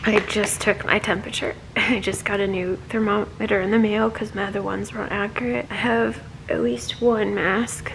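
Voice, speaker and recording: A woman recording a casual personal vlog at home while she is sick, with a runny nose and a sore chest. She talks softly and often drops to a whisper. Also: mid-range voice, little pitch movement, moderate pace, creaky, hardly any pauses, slight background noise, rough recording. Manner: soft-spoken, often dropping to a whisper. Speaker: vlogger. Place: at home, indoors.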